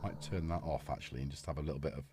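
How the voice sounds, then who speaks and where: A man's voice: a bass voice, very fast, noisy background. A man hosting a livestream, chatting in a rambling way that trails off mid-thought. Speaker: livestream host. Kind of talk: casual livestream chat. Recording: synth music playing underneath.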